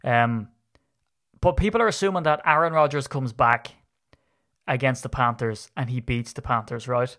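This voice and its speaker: A man, hosting a casual sports podcast, chatty and quick to laugh. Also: medium pitch. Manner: chatty, laughing, animated banter. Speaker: podcast host.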